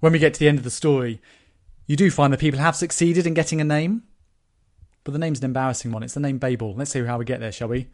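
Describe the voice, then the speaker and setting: A man's voice: mid-range voice, fairly even intonation, quick pace, a little mellow. A man preaching a sermon, explaining scripture with rhetorical questions.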